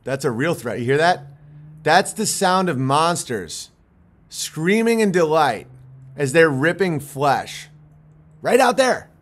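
A man's voice: on the high side, very animated, slow. A man hosting a casual livestream from outdoors on his farm at night, rambling, swearing and laughing as he jokes in a mock-spooked way. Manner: profane, joking, mock-spooked, laughs often. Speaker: livestream host.

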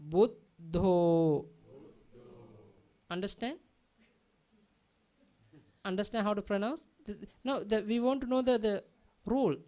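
A woman's voice: mid-range voice, darkish tone. A woman teaching a language lesson, patiently repeating example words and checking that her students understand. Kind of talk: classroom lesson.

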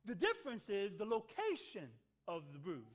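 A male pastor delivers a sermon in a church sanctuary. His voice sits very high and moves a lot, rising and falling. He keeps asking the congregation to answer back and doubles up his words for emphasis. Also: wildly swooping pitch, normal speed. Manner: call-and-response with the congregation, repeats words for emphasis.

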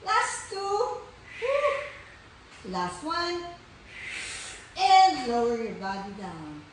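Female trainer, bright high voice, unhurried breath cues, whoops of encouragement; recorded distant in a very echoey room. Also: very animated, a little hiss or hum. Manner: counts breaths, cheers with whoops. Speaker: fitness instructor. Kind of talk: guided core workout class.

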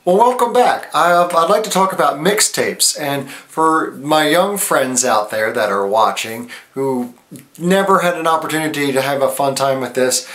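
A man's voice: a little high, animated, normal speed, a bit bright. A man in his forties, a comedian hosting his own show, talking casually and wryly to the camera. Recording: echoey room.

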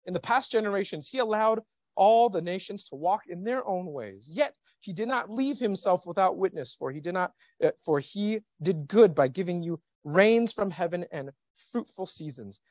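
Animated male pastor preaching. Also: high-pitched, no echo. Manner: animated, questioning the congregation. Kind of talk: sermon. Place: church sanctuary.

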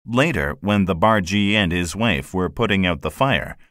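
Guy narrating a kids' classic, really low voice but lots of up and down, dry close sound. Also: animated, normal speed, fairly bright tone, dry recording. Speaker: audiobook narrator. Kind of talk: scripted narration.

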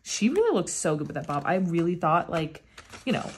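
A woman vlogger unboxing albums in a casual chat, gushing and often gasping with excitement. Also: lowish voice, fairly quick, breathy edge. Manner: gushing, with frequent excited gasps.

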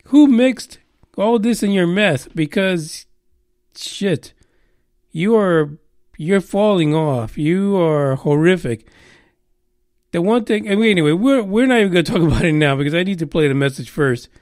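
A high-voiced man rants through a podcast monologue, swearing freely and sarcastic, full of ums and restarts. His voice sounds close and dry, with no room around it. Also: lively intonation, normal speed, a little mellow, no echo. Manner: profane, sarcastic, rambling with many fillers. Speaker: podcast host.

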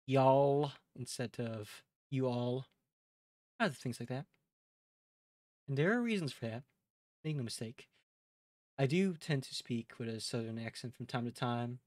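A medium-pitched man with a Midwestern American accent chats casually with his live-stream audience, rambling a little and addressing chat directly in a relaxed way. The recording is dry with clean studio sound.

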